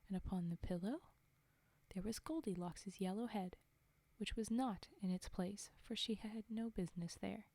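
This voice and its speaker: A woman whispering a fairy tale slowly and softly as a storyteller, in a whispered role-play reading. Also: medium pitch, dry recording. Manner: soft, slow, whispered reading. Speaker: storyteller and streamer.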